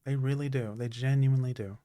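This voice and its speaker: A livestreaming man delivers an emotional, sincere thank-you that stumbles along with fillers and restarts, his throat going a bit raspy. His voice is medium-pitched, steady and mellow. The recording is dry.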